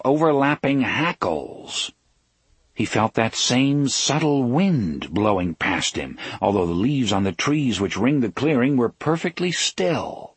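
A man narrating an audiobook in a measured, dramatic storytelling manner, slowing down for emphasis. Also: on the low side, slightly rough, no room sound. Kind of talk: scripted narration.

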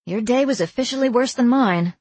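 A woman's voice: a little high, fairly quick, a little mellow, husky, no room sound, voice pushed up. A woman voicing a young woman heroine in a storybook, teasing and sarcastic in manner.

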